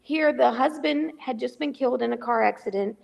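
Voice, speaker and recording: A woman's voice: fairly high pitch, brisk, vocal fry, long reverb tail, lo-fi sound. A middle-aged woman telling a story in a casual chat as a remote guest, acting out the dialogue. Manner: animated, acts out dialogue in quotes. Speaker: guest, charity volunteer. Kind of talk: casual storytelling on a call-in podcast. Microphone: remote call.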